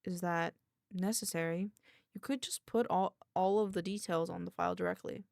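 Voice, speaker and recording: A woman voicing a stern young woman researcher held in containment, speaking curtly and formally in a deepened voice. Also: steady tone, gravelly, a little mellow, no echo, clean studio sound. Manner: curt, formal, deliberately deeper voice.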